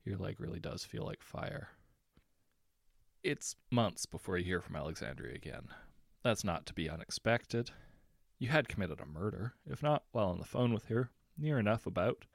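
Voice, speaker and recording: Low creaky guy reading a story, dead dry mic, calm and steady. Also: moderate pace, dry recording. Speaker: narrator. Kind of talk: second-person story reading.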